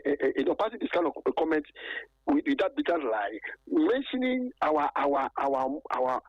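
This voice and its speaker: A gravelly, husky man talks over a dull, muffled phone line. He stumbles and repeats himself as he airs a grievance, and his pitch leaps up and down. The sound is dry and close. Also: no room sound. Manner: halting and aggrieved, stacks repeated words and fillers. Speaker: former footballer calling in. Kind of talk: phone-in interview.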